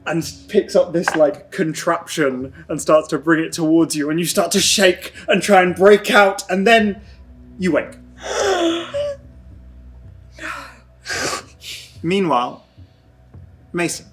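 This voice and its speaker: A man narrating a tabletop role-playing game as game master, in slow, hushed, dreamy descriptions. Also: on the high side, slightly rough.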